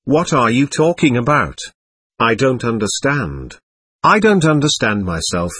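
A man's voice: medium pitch, big pitch swings, measured pace, a bit bright, husky, dry recording, full character voice. A man reading the part of an earnest young man in an audiobook, speaking in a breathless, broken way. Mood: pleading.

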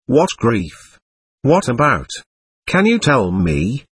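A man reading as a lively teasing young woman. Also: medium pitch, slow pace, slightly rough, dry recording, full character voice. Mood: playful. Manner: eager, teasing, fervent.

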